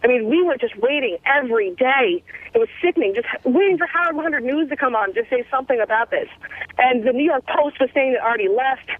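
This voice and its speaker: A woman's voice: high voice, expressive, fairly quick, no room sound. A woman calling in to a radio show, complaining in a rambling way. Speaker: caller. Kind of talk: call-in radio. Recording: tinny phone line.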